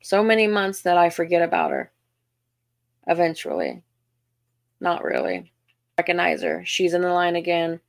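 A young Southern woman talks through her podcast in a loose, self-deprecating way, tripping over her words and filling gaps with ums. Her voice sits a little low, with a gravelly fry running through it. The sound is close and dry, with no room around it. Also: sing-song, moderate pace, long pauses, no room sound. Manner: chatty, self-deprecating, frequent restarts and ums. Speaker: podcast host. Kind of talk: casual storytelling monologue.

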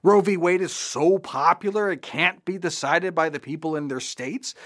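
A man's voice: fairly high pitch, normal speed, hardly any pauses, fairly bright tone. A man hosting a scripted political commentary show, delivering it with sarcastic, mocking asides.

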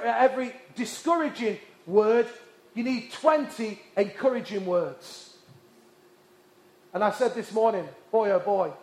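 Man, high voice, passionate preacher, hushed at times, roomy church echo. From England. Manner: passionate, repetitive emphasis, drops to hushed tones. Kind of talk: sermon. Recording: echoey hall.

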